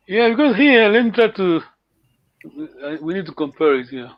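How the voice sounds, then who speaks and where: Slow-talking man teaching a language class. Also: high-pitched, animated, dry recording, dull audio. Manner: encouraging, repeats words slowly, laughs often.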